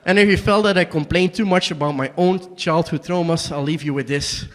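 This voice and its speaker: A young man performing a one-man tragicomedy on a small stage, shifting between quiet confession and angry outbursts. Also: fairly high pitch, a little fast, big-room sound. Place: small basement performance space.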